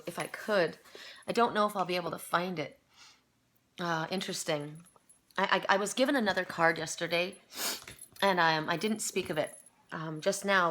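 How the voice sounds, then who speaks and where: A woman's voice: on the low side, a bit bright. A middle-aged woman reads oracle cards for her viewers. She speaks with open emotion and earnest conviction, and she stumbles and restarts her phrases as she goes. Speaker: oracle card reader. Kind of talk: spiritual card reading video.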